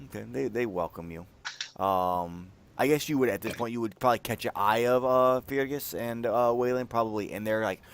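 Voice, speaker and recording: A man's voice: mid-range voice, fairly quick, a little hiss or hum. A man narrating as game master in a tabletop game, hesitant with many fillers.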